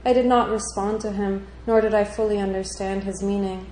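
Calm woman reading a story in an echoey room. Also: mid-range voice, brisk, slight background noise. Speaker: narrator. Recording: echoey room with faint ambience.

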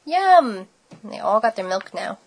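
A woman reading a children's story aloud with gentle, measured narration. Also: mid-range voice, animated. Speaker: storybook reader.

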